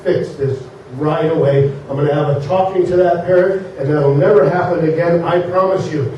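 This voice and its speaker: An apologetic male shop manager with a calm, soothing delivery, voiced by a pastor telling a story. The voice is mellow and low-key. It echoes heavily, as if picked up from far across a hall. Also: moderate pace, a little hiss or hum, natural voice. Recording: echoey far-off dull sanctuary recording.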